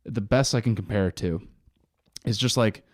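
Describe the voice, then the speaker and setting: A man's voice: lowish voice, moderate pace, no echo, clean studio sound. A young man co-hosting a podcast, reflective and searching for words, with many fillers. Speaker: podcast co-host. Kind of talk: casual chat.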